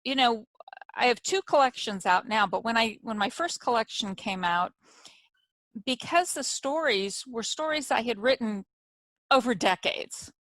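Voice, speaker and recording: Chatty woman author with higher voice. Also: unhurried, dry recording. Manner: animated, chatty storytelling. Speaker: interviewer and author. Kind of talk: casual conversational interview.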